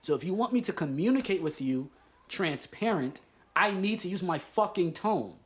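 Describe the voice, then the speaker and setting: A man co-hosting a podcast in casual chat, telling a story in an animated, profane, emphatic way. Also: sits high, normal speed. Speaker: podcast co-host.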